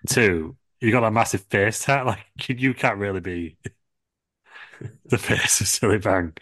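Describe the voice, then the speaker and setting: A man putting on a brash, loud TV cleaning-ad pitchman who talks in a booming, salesy way. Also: a little slow, slightly rough, no echo. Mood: bossy.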